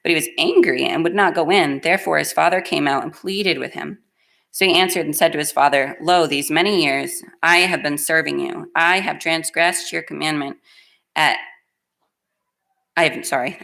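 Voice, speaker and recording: Low-voiced woman preaching a heartfelt sermon. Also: gravelly, pushed and bright. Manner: earnest, emotional, plainspoken. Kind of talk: sermon with scripture reading. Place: church.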